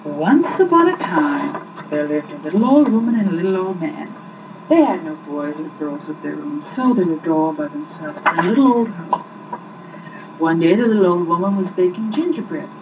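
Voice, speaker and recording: A woman reading a children's story aloud as a storyteller, in an expressive, lively way. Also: on the low side, moderate pace. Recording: muffled distant recording with loud background hiss.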